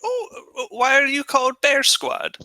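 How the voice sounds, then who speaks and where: A man voicing an excitable male gnome tinkerer during a tabletop role-play, with effusive high-pitched exclamations. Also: measured pace, no echo, soft background music, full character voice, poor audio. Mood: curious.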